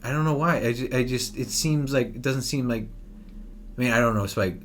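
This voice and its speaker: A man's voice: mid-range voice, brisk, a bit bright. Rambling young man on a film podcast. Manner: rambling, many restarts and "like". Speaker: podcast co-host. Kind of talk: casual film chat.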